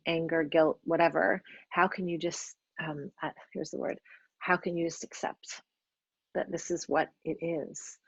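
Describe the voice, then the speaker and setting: A woman hosting a casual astrology talk, gentle and encouraging, pausing often with ums as she gathers her thoughts. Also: low-pitched, dry recording. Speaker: astrologer and podcast host. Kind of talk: casual spoken astrology reflection. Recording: slightly dull, dry recording.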